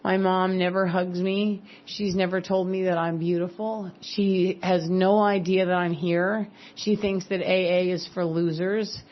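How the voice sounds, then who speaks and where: A woman's voice: on the low side, level tone, unhurried, hardly any pauses. A woman from California giving a personal recovery talk, earnest and candid with wry asides. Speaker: speaker at a recovery meeting. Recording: slightly dull lo-fi recording.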